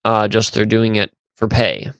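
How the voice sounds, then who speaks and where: Unhurried and creaky, a podcast host with a lowish voice meanders through stories, pausing on fillers and restarting his thoughts. His tone is clear and resonant with no echo, though the sound is lo-fi.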